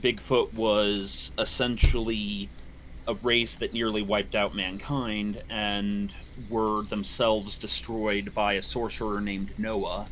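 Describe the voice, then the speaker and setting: A man's voice: fairly low pitch, fairly bright tone, a little hiss or hum. A man in casual livestream chat, rambling and playful, laughing often.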